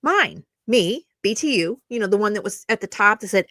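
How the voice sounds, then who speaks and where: A woman's voice: medium pitch, expressive, fairly quick, hardly any pauses, sharp tone, no room sound, studio quality. A woman YouTuber ranting back at online commenters, sarcastic and indignant, mocking them at length.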